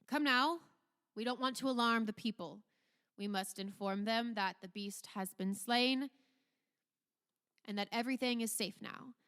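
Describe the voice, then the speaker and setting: A woman's voice: on the high side, measured pace, a bit bright, clear, resonant tone, long reverb tail. A woman voicing a stern, commanding middle-aged male duke in a tabletop game, giving curt orders.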